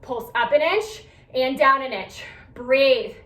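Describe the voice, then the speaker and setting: A woman's voice: high-pitched, slow pace, a bit bright. A young woman fitness instructor cueing a workout class, counting down reps in an upbeat coaching manner while a little out of breath. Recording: echoey room, mic at a distance.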